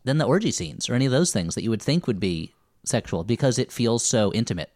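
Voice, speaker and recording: A man co-hosting a podcast, chatting about a TV series with quick jokes and asides. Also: medium pitch, very animated, darkish tone, dry recording, studio quality. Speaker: podcast co-host. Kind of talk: casual recap chat.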